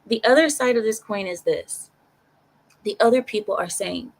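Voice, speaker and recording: A woman giving her opinions on a casual live stream, talking straight to her chat in an animated way and repeating phrases for emphasis. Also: medium pitch, moderate pace, poor audio.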